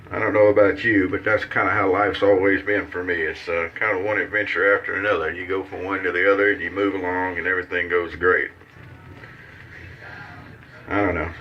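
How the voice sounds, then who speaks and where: A shaving vlogger from Mississippi with a Southern accent demonstrates a shave in a folksy, rambling, joking manner. His voice sits low, and the lo-fi recording carries slight background noise.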